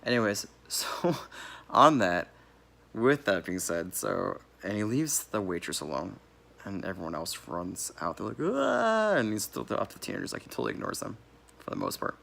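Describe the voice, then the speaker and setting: This man's voice is low, gravelly and expressive, a bit bright, at a normal speed. He rambles through an easygoing film review, fixing his own words along the way and breaking into occasional laughter.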